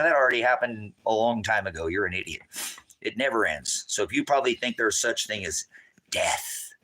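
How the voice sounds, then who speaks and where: A middle-aged American preacher who talks off the cuff and rambles from point to point. He scolds his listeners in a combative, cutting tone. His voice is strikingly bright and sharp. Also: mid-range voice, rough recording. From United States.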